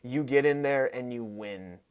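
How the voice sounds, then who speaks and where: A man's voice: medium pitch, clear, resonant tone. Emphatic male storyteller. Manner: animated, emphatic storyteller with quick bursts. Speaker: podcast guest, fight coach. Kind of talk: conversational storytelling.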